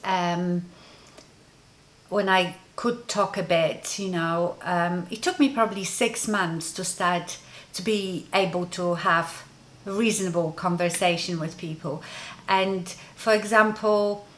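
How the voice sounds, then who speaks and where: A Polish-accented woman vlogger telling a story from her life. She speaks slowly, with an unhurried and relaxed rhythm, and her voice sits a little low. She rambles along, filling pauses with ums. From Poland. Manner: rambling, conversational, frequent ums. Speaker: beauty vlogger. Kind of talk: casual story-time monologue.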